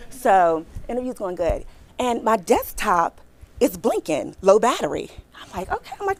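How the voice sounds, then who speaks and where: Speaking to a live crowd at a moderate pace, a forties-aged woman delivers an animated, chatty career talk in a mid-range voice. She addresses the audience directly and plays out her own reactions as she tells her story.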